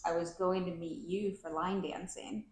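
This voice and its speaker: A woman's voice: on the low side, moderate pace, slight background noise. A woman co-hosting a podcast, telling stories in casual chat and acting out what people said. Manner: chatty storyteller, animated quoting. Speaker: podcast co-host. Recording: echoey room.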